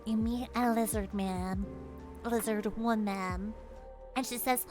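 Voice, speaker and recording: A woman's voice: fairly high pitch, expressive, slow, faint music behind. A woman streamer telling a playful, giggly second-person fantasy story to her chat in casual livestream style.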